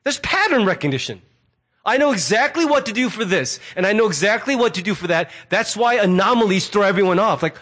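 A middle-aged man preaching a sermon as a pastor, conversational and animated, acting out quoted remarks as asides. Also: high voice, brisk.

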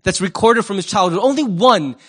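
A male pastor delivering a lively sermon, his voice sitting high for a man. He keeps it conversational and humorous, asking the congregation questions and slipping into quick character voices. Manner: conversational, asks the audience questions.

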